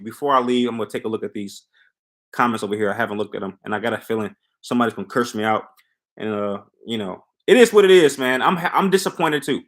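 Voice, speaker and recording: A man's voice: mid-range voice, a bit bright. Emphatic man giving blunt reality-show takes. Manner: emphatic, repetitive, talks to viewers; reads and answers live comments. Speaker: show recap host. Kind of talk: casual reality-show commentary.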